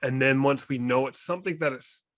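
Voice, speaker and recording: A man with an Australian accent, co-hosting a casual podcast chat, jokey and quick to laugh. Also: medium pitch, fairly bright tone, no echo. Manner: chatty, jokey, laughs often. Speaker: co-host.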